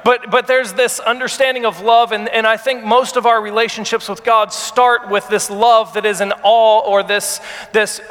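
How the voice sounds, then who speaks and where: A man in his thirties preaching a sermon, earnest and halting, with many repeated words, and he grows emotional as he speaks. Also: sits high, flat delivery, a bit bright, big-room sound. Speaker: pastor.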